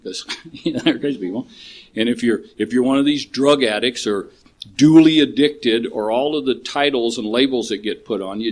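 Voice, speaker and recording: A man's voice: medium pitch, husky. Older man, plain voice, blunt and profane, telling his recovery story to a meeting.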